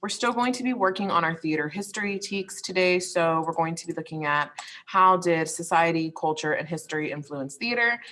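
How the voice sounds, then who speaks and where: A woman's voice: on the low side, a bit bright. A woman teacher recording an online lesson walkthrough while sharing her screen, explaining step by step in a friendly way with frequent ums and likes.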